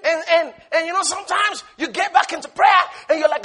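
High-pitched impassioned preacher, man. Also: brisk, hardly any pauses. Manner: impassioned, shouting bursts and sudden hushed asides; storytelling with laughter. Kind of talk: sermon.

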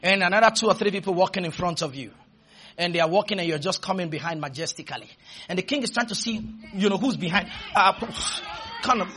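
A man preaching a fervent sermon, shouting at times and leading the congregation in call-and-response. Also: high voice, lively intonation, a little fast, some chatter behind, slight background noise.

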